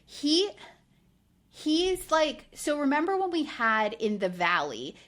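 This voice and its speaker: A woman with a high, slow voice co-hosts a podcast, recapping things in a casual chat. She's animated, says "like" constantly, and acts out the lines she quotes.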